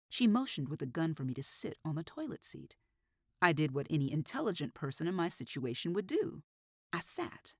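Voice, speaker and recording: A woman reads a mystery audiobook in a husky, slightly low voice with lively pitch movement. Her delivery is measured, and the recording is dry and close to the mic. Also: no room sound. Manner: measured storytelling. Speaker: audiobook narrator. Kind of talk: scripted first-person audiobook narration.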